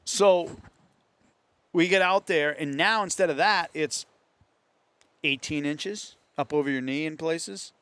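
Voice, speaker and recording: A man's voice: fairly high pitch, takes it slowly, long pauses, fairly bright tone, clear, resonant tone, no echo. A man with a New England accent telling a hunting story in casual talk among friends, acting out the voices of others. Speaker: host. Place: hunting camp.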